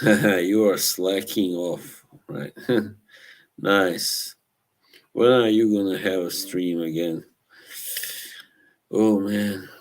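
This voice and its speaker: A man's voice: sits low, fairly even intonation, very slow, long pauses. A man hosting a live stream, chatting casually with viewers, laughing often and teasing. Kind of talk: casual chat reacting to live chat.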